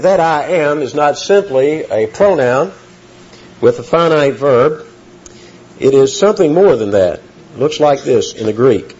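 A man's voice: mid-range voice, warm tone. A man preaching an expository sermon in an earnest teaching tone, rising in emphasis on key phrases. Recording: dull lo-fi recording.

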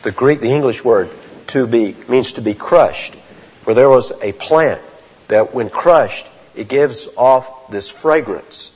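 Husky-voiced preacher in an echoing hall. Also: male voice, medium pitch, a little mellow. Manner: earnest, deliberate preaching with restarts. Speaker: pastor. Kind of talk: sermon. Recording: dull lo-fi sound with long hall reverb.

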